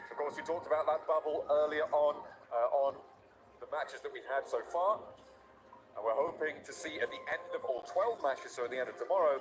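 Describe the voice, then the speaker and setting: A man casting live esports with playful, rambling banter between the matches. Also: medium pitch. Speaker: esports caster.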